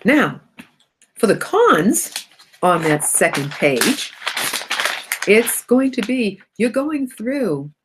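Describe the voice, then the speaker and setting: A woman's voice: medium pitch, big pitch swings, drawn-out words, long pauses, slight background noise. A middle-aged woman with a cold hosts a motivational broadcast, talking animatedly to viewers and often laughing and correcting herself. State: has a cold. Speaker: host of a self-help broadcast.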